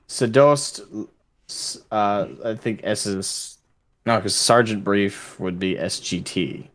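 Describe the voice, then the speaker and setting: A man's voice: lowish voice, unhurried. A man co-hosting a livestream, chatting casually, cracking jokes and reading war stories aloud. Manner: joking, animated, slips into mock voices. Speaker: livestream co-host and story reader.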